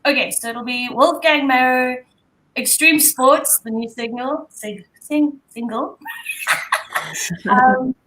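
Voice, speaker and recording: Bright, high relaxed woman guest. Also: takes it slowly, poor audio. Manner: relaxed, stumbles over words. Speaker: guest artist. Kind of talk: casual chat.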